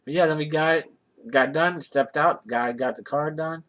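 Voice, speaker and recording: A man's voice: a little high, moderate pace, fairly bright tone. A man from the Johnstown area telling a casual personal anecdote in a rambling way, with many restarts. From Johnstown area, USA. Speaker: vlogger.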